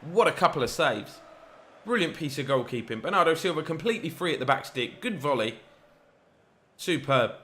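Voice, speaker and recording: A man giving chatty, excitable play-by-play commentary over a football video game. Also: fairly high pitch, normal speed. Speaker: gaming YouTuber.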